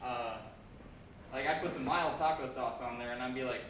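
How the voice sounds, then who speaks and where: Loud young man at an open mic. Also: mid-range voice, normal speed. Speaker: student stand-up comic. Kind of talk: open-mic stand-up set. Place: campus lecture hall. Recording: roomy hall, distant mic, faint noise.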